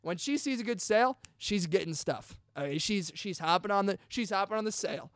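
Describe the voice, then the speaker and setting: High-voiced young man telling a story. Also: fairly quick, no room sound, studio quality. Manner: chatty and excitable, peppers talk with dude and bro. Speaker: podcast host. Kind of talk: casual storytelling.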